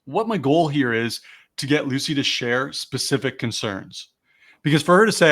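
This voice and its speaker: A man's voice: mid-range voice, animated, brisk, fairly bright tone. A man leading a live online sales lesson on a video call, explaining each step and then acting out the phrasing he recommends. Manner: explains steps, then models the lines he teaches.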